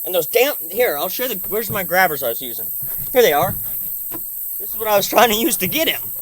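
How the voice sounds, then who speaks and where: A woman filming a vlog outdoors by a house deck on a handheld phone, excitable and swearing, talking to a snake and her cats. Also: mid-range voice, a little fast, slight background noise. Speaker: vlogger.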